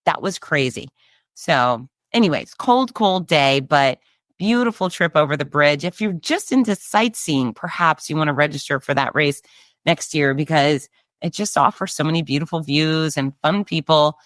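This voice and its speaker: A middle-aged woman hosting a casual solo chat, upbeat and breezy, her voice nasal and hoarse. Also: low voice, animated, moderate pace, no echo, clean studio sound. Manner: chatty and upbeat, breezy asides. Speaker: race announcer and show host.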